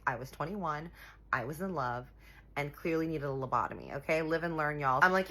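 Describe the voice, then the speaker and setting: A young woman telling a personal story in a sassy, animated way, talking straight to her viewers. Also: deep voice, quick pace. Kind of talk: casual storytime.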